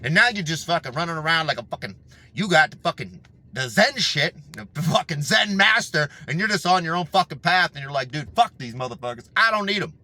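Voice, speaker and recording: Swearing, animated man ranting in a car. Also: on the high side, fairly quick. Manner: blunt, heavy swearing, animated. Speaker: fitness vlogger. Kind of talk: profane motivational rant. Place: inside a car.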